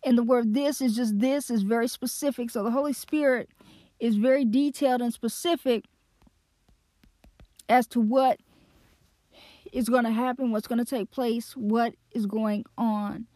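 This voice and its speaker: A woman's voice: fairly high pitch, steady tone, mellow, no room sound. Earnest woman teaching the Bible. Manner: earnest, slows down to stress key words.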